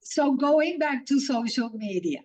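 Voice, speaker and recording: Slow, deliberate woman interviewer. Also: high voice, expressive, darkish tone. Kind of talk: conversational interview.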